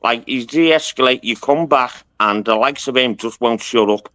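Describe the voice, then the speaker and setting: A man with a bright, forceful voice, arguing hotly on a live-stream panel. His delivery is blunt and profane, and it sits close and dry on the mic. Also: medium pitch, moderate pace, no room sound. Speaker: panel guest.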